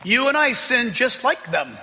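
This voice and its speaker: A man preaching with a high, bright voice that swoops up and down and turns gravelly at the edges. He talks conversationally and slips in jokes. A long reverb trails his words over faint music. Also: measured pace. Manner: animated, conversational, joking asides. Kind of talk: sermon.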